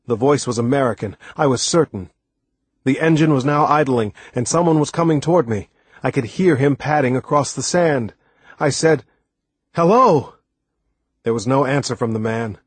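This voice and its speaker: A man reading an audiobook aloud in a steady, measured way. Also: medium pitch, breathy edge, dry recording. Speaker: audiobook narrator. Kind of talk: scripted narration.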